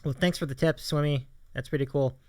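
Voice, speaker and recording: A man's voice: mid-range voice, fairly even intonation, darkish tone, no room sound. A man hosting a casual live-streamed chat show, eagerly agreeing with his guest and reading out viewer questions. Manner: eager, quick to agree, keeps saying yeah.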